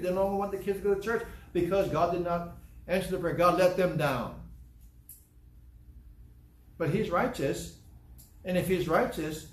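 A man preaching a sermon, earnest and deliberate, repeating key phrases slowly for emphasis. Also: sits high. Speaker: pastor. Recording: echoey room with faint background noise.

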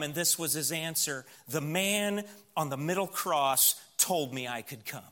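A man's voice: a little high, expressive, unhurried, sharp tone. A man preaching a sermon in a church, building emphatic lists and acting out quoted voices in an anecdote. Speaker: pastor.

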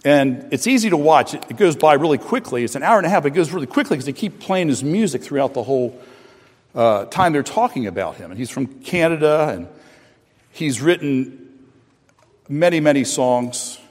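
A middle-aged man preaching a sermon, earnest, with restarts and repeated phrases, swinging between loud and soft. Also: a little high, very animated, moderate pace. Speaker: pastor. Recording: preaching voice with long hall reverb.

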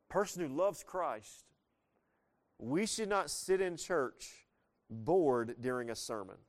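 A man preaching a sermon as pastor, talking plainly with his congregation and asking them questions as he goes. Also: a little high. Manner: conversational, asks the congregation questions; lively preaching with frequent shifts in loudness.

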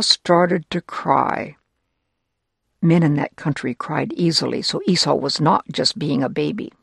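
Gravelly children's Bible storyteller. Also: mid-range voice, fairly bright tone, dry recording, clean studio sound. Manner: slow and deliberate, asks listeners rhetorical questions.

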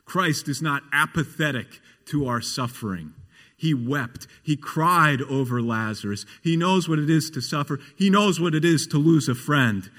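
A man's voice: mid-range voice, measured pace. A man preaching a sermon as pastor, earnest and often asking the congregation questions. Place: church. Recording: long hall reverb.

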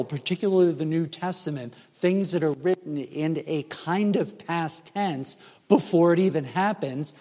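A man preaching a sermon as pastor, emphatic and measured, with rhetorical questions. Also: fairly high pitch, a little mellow. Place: church sanctuary. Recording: church hall reverb.

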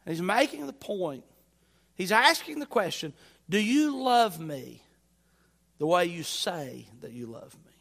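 A man's voice: sits high, wildly swooping pitch, moderate pace, vocal fry, pushed and bright. A man preaching a sermon in church, emphatic and repeating his phrases with rising force. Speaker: pastor.

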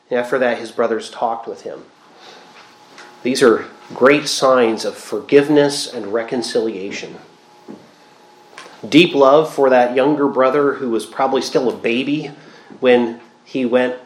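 A man teaching a Bible study in a mid-pitched voice. He explains patiently and thinks aloud. The room gives his voice a noticeable echo. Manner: thoughtful, explanatory, reflective asides. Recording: roomy echo.

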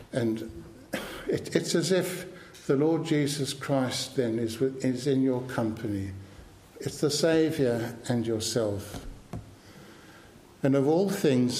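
A man preaching a sermon, earnest and emphatic, now and then clearing his throat. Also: medium pitch, darkish tone, roomy sound. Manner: clears throat between points.

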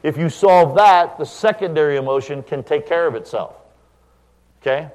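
A man's voice: on the high side, moderate pace, a little mellow. A middle-aged man, the pastor, giving a sermon in a church, talking conversationally and telling stories with asides to the congregation. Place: church sanctuary.

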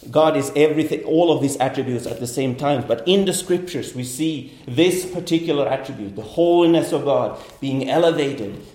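Earnest preacher in an echoey room. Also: male voice, mid-range voice, a little mellow. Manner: earnest, repeats words and restarts phrases. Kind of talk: sermon.

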